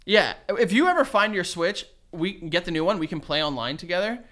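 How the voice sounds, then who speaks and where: A man co-hosting a podcast in casual chat, telling lively stories, acting out quotes and laughing often. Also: high-pitched, a little fast. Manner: animated storyteller who acts out quotes and laughs often. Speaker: podcast co-host.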